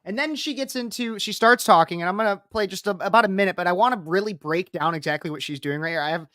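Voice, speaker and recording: A woman's voice: medium pitch, quick pace, fairly bright tone, no echo, clean studio sound. A woman political commentator reacting to a speech clip, talking in an emphatic, repetitive and combative way.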